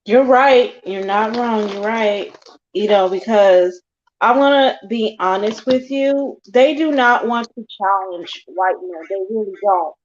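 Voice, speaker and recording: A woman's voice: mid-range voice, a little slow. A woman co-hosting a casual chat, agreeing in an emphatic way. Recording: dull lo-fi audio with faint noise.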